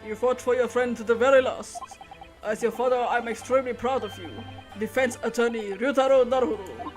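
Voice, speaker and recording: A woman voicing a proud, dignified middle-aged father from a game, measured and solemn. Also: on the high side, steady tone, faint music behind, natural voice.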